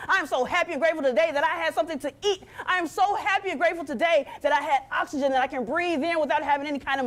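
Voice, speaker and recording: A woman with a high voice speaks from a stage in a motivational talk. Addressing the crowd directly, she keeps up an energetic rhythm in the manner of a preacher.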